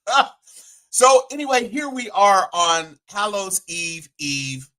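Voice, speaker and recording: A man's voice: high voice, big pitch swings, slow, bright, forceful tone. A man co-hosting a podcast, chatting casually and playfully, with jokey asides. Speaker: podcast co-host. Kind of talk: casual political chat.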